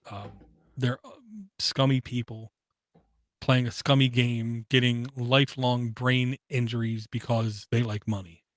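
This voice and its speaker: A man's voice: mid-range voice, flat delivery, a little slow, dry recording. Rambling opinionated man, dry sound. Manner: rambling, self-interrupting, opinionated. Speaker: podcast co-host. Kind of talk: casual chat.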